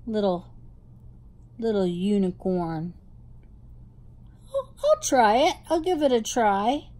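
A woman's voice: mid-range voice, very animated, slow pace, warm tone. A woman with a New Jersey accent doing a casual show-and-tell unboxing on her hobby vlog, gushing with delight over cute little things. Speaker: hobby vlogger.

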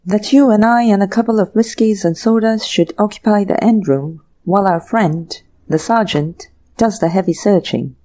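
Woman playing a breezy young gentleman, nonchalant, casual, mellow, audiobook. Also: medium pitch, moderate pace, few pauses, lightly acted.

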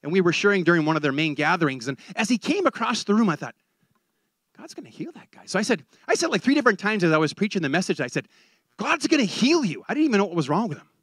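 Guy preaching a sermon, bouncy high voice, stumbles over words and restarts a lot, dry mic. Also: very fast, hardly any pauses, no room sound. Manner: animated, repeats words while building a point.

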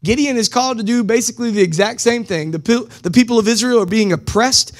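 A man with a strikingly high speaking voice preaches a sermon in a loose, conversational way. He mixes casual slang with urgent calls to the congregation, pushing hard on his main points. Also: fast talker. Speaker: pastor. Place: church service streamed live.

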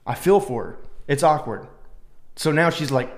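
A man's voice: a little high, expressive, normal speed. A man hosting a reaction video, joking crudely and sarcastically as he comments on clips. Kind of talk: casual commentary.

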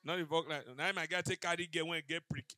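A man's voice: fairly high pitch, fast. A man doing stand-up comedy on stage, telling stories in pidgin and acting out the dialogue. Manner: animated storyteller mixing pidgin, acting out dialogue. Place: comedy stage before a live audience.

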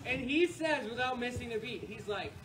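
Stand-up comic, man from New York, high voice, swearing and rambling, chuckles at his own bits, heard from afar. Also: animated, moderate pace. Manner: profane, rambling, laughs at own jokes. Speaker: stand-up comedian. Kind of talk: stand-up set. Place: comedy club stage with audience. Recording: distant mic, noisy live room.

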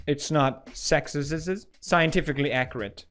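A man's voice: fairly high pitch, animated, moderate pace. A young man hosting comedic meme commentary, goofy and ironic, laughing often. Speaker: host.

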